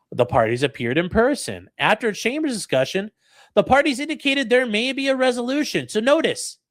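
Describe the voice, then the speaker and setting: A man's voice: fairly high pitch, fairly bright tone, no room sound, clean studio sound. A man hosting a legal commentary stream, reading court records aloud to his chat and ranting about them with profane sarcasm. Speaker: host and lawyer commenting on a court case.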